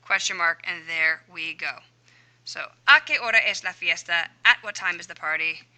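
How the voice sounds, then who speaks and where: A woman Spanish teacher explaining a homework answer key, chatty and thinking out loud as she works through each question. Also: on the low side, normal speed, rough recording. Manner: chatty, talks herself through each step aloud.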